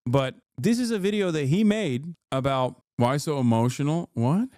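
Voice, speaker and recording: A man's voice: a little high, expressive, normal speed, darkish tone, no echo, studio quality. Sarcastic man streaming his reactions. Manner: sarcastic, mocking, laughs often. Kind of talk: casual live-stream commentary.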